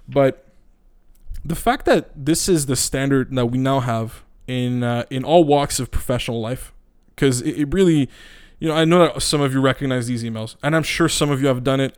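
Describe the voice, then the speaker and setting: A man's voice: mid-range voice, darkish tone, smooth. A man podcasting into a microphone, ranting in a casual, profane, blunt and rambling way with many restarts.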